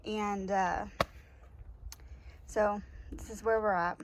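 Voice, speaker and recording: A woman's voice: mid-range voice, fairly even intonation, slow pace, background noise. A woman vlogging casually as she tours her garden, chatty and laughing often, with many ums. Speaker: homestead vlogger. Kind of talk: casual garden tour vlog. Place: outdoor garden.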